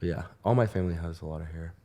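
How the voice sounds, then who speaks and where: A man's voice: deep voice, very fast, a loud crowd. A young man hosting a podcast, telling jokey stories in a casual chat. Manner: joking storyteller, deadpan punchlines. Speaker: podcast host.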